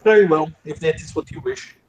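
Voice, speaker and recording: A man voicing a formal, courtly male noble fae in a tabletop role-play, speaking stately and measured. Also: a little high, wildly swooping pitch, a little mellow, a little hiss or hum, pitched above the performer's own voice. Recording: echoey room.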